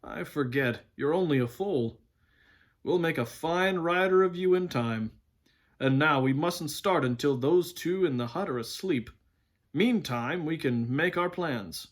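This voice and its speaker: A haughty talking war horse, as a man reads him aloud from a storybook. He speaks briskly and loftily, with open scorn for humans, in a fairly high voice. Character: proud, stern talking male war horse.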